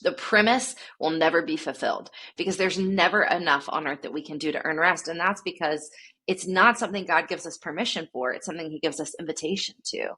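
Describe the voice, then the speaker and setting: A woman author, a guest on a podcast, who explains her ideas in a reflective way and lists her points in a steady teaching manner. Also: low-pitched, fairly quick, husky. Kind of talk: podcast interview.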